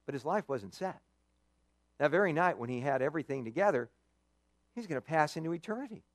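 Male preacher, high and expressive, storytelling sermon style, dry recording. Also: fairly quick, dry recording. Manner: animated storytelling with dramatic emphasis. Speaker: pastor.

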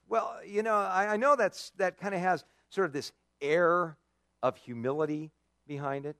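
A man's voice: high voice, normal speed, no room sound, studio quality. A man preaching a sermon in a conversational, folksy way, full of asides and rhetorical questions. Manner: conversational, folksy and animated, with many "you know"s and rhetorical questions. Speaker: pastor.

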